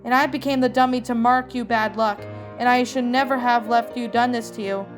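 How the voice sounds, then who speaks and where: A woman's voice: fairly high pitch, steady tone, brisk, over music, natural voice. Lynn, a remorseful sporty teen girl, read by a woman. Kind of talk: storybook reading.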